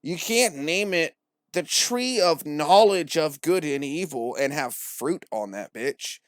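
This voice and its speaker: A man's voice: a little high, lively intonation, takes it slowly, dry recording, clean studio sound. Profane, mocking young man. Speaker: podcast host. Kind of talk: irreverent comedic commentary.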